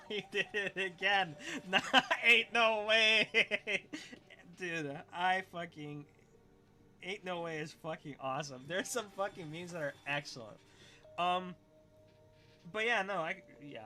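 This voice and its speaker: A man's voice: medium pitch, pushed and bright. A young man chatting casually on a livestream, reading chat, swearing freely and laughing often as he rambles.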